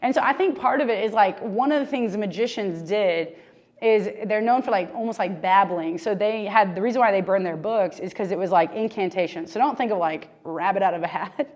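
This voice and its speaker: A woman's voice: medium pitch, a little fast. Chatty woman leading a Bible discussion. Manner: animated, conversational, heavy use of "like". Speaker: Bible study discussion leader. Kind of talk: casual teaching discussion.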